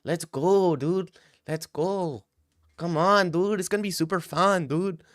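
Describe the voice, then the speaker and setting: A man putting on the voice of an excitable young guy who keeps saying "dude" and "let's go" while pitching a scheme. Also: a little slow, dry recording, clean studio sound. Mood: hyped-up. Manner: repeats "dude" and "let's go" with every breath.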